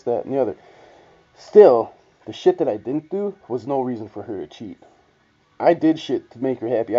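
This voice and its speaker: Dark-voiced man ranting about a breakup. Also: mid-range voice. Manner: profane, blunt, rambling with restarts. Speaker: vlogger. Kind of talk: casual storytelling monologue. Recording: dull lo-fi sound.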